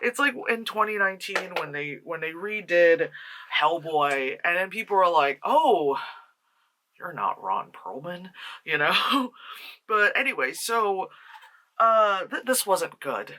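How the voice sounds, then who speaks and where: Casual vlog reviewer with a bright, sharp voice who rambles and swears. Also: mid-range voice, animated, a little slow. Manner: rambling, profane, sarcastic, laughs often. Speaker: movie reviewer.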